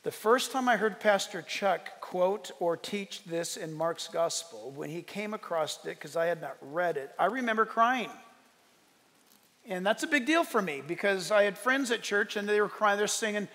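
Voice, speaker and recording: A man preaching a sermon as pastor, animated and conversational, telling stories with bursts of shouting. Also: high-pitched, normal speed. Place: church sanctuary. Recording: long reverb of a church sanctuary.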